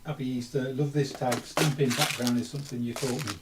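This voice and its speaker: A man's voice: medium pitch, fairly even intonation, brisk, background noise. A man helping on a live stream by reading out viewer comments in a dry, matter-of-fact way.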